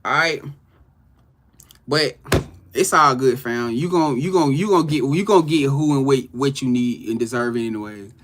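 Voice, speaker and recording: A man's voice: mid-range voice, normal speed, a bit bright, a little hiss or hum. A man doing a casual live-stream tarot reading, greeting viewers and laughing often. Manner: loose, slangy, greets chat viewers by name, laughs often.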